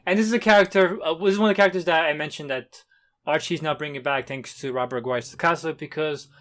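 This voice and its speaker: A man with a fairly high voice co-hosts a podcast in loose, casual chat. He rambles, stops and restarts, then lands his points emphatically. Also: quick pace, fairly bright tone. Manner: rambling, stop-start, emphatic. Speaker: podcast co-host.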